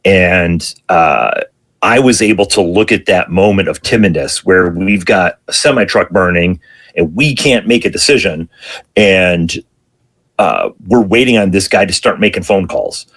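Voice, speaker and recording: A middle-aged man with a low, husky voice speaks as a fire captain guest on an interview show. He tells his stories in a reflective way and pauses often to gather his thoughts. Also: a bit bright. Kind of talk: storytelling interview answers.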